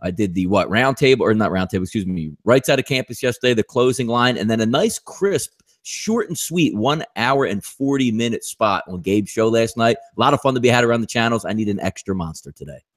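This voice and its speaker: A man chatting casually on a sports betting roundtable, with quick asides. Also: mid-range voice, animated.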